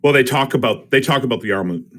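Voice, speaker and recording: A man's voice: medium pitch, animated, quick pace, a bit bright. A man playing in an online tabletop game, chatting casually and hesitantly, repeating himself as he starts a thought. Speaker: player. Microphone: voice chat microphone.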